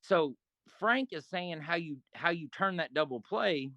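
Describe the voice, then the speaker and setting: Middle-aged male interview guest, casual and profane, lively storytelling, a touch high-pitched, dry recording. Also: a little slow, no room sound. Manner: profane, animated, acts out quoted arguments.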